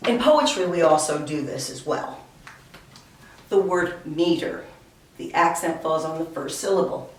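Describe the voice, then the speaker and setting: A woman teaching a music lesson beside a piano, explaining slowly and counting beats aloud. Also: low-pitched, lively intonation, recorded from a distance. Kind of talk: recorded classroom lesson. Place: room with a piano. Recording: very echoey room, voice away from mic.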